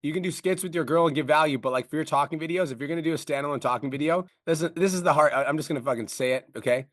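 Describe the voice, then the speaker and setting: A man coaching with blunt, profane bluster. He talks at a rapid clip in a slightly raised voice. The sound is dry and close. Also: a little high, a bit bright, no echo. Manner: brash, profane, fast-talking. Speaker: business coach.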